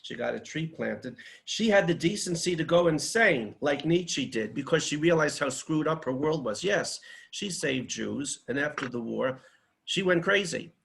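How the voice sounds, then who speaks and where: A man speaks at a seminar with passion, piling up rhetorical lists and pointed challenges. His voice sits a little higher than most men's, and his delivery is forceful and declamatory. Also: expressive, normal speed, creaky, poor audio. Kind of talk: impassioned seminar talk.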